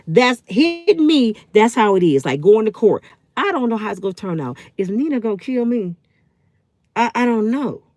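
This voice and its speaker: A woman in her fifties talks straight to her live-stream chat, blunt, heated and swearing. Her voice sits a little high and swings widely in pitch. The sound is dry and close. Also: a little mellow, no echo. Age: 50s. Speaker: channel host.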